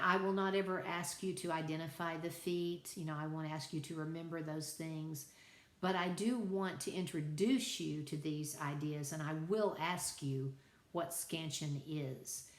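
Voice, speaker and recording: A middle-aged woman teaching a college writing class in a chatty, conversational lecture style with asides to her students. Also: sits low. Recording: echoey room.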